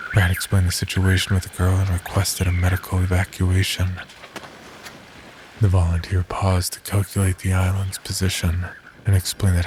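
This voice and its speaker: A man narrating a horror story in a measured, scripted storytelling manner. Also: low-pitched, a little mellow, slight background noise.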